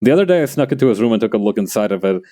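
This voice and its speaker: A man chatting casually while he works on a craft project, rambling from one joke to the next and laughing a lot. His voice is mellow and warm in tone, and his pitch rises and falls in a lively way. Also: racing. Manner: joking, rambling, laughs often. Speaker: streamer.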